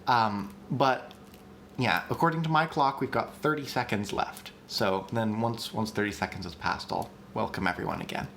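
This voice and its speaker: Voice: mid-range voice, moderate pace, a bit bright, a little hiss or hum. A livestream host teaching language creation in a chatty, enthusiastic way, with frequent ums and restarts. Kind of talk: casual livestream lesson.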